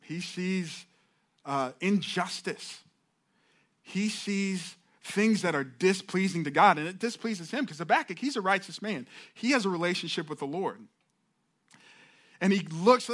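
A man's voice: sits high, animated, moderate pace, a bit bright. A middle-aged male pastor giving a conversational sermon, restarting phrases and acting out heartfelt prayers.

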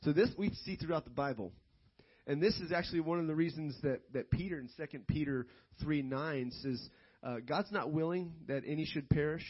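High-pitched husky-voiced male preacher. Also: a little fast, lo-fi sound. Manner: animated preaching, rising to loud emphatic stretches. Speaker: pastor. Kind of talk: sermon.

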